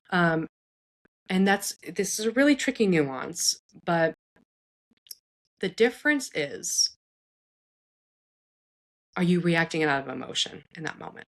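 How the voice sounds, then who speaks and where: Lower-voiced woman giving earnest parenting advice. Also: takes it slowly, long pauses. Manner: earnest, animated, frequent restarts and self-corrections. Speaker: psychologist and show host. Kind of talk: casual advice talk for parents.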